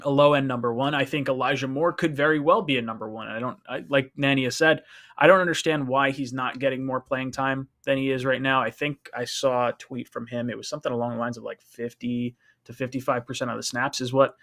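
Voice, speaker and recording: A man hosts a live fan stream in casual, rambling talk. His voice is bright and forward. He gets animated and restarts his sentences often. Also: mid-range voice, fairly quick. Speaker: host of a fan call-in stream.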